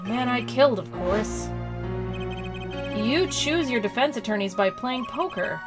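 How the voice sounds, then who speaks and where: A woman voicing a calm, mysterious former magician who plays poker, speaking softly, low and measured. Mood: grave. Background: game music.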